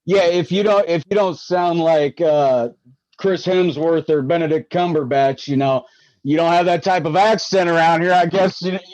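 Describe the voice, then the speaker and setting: A man's voice: a little high, steady tone, moderate pace, a little mellow, no room sound, dull audio. An American man hosting a casual interview, laughing along and asking long, winding questions. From United States. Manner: friendly, laughs along, asks rambling questions. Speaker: podcast host.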